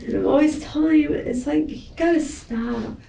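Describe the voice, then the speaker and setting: A woman's voice: high voice, moderate pace, gravelly, warm tone, distant mic, slight background noise. Woman venting in a police interview. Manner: rambling, defensive venting. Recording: echoey room, voice from afar.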